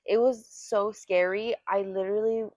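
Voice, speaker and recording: A woman's voice: mid-range voice, steady tone, normal speed, darkish tone, dry recording. A young woman co-hosting a casual chat, telling a personal story with feeling and lots of fillers. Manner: emotional storytelling, many fillers. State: pregnant or new mother. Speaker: podcast co-host.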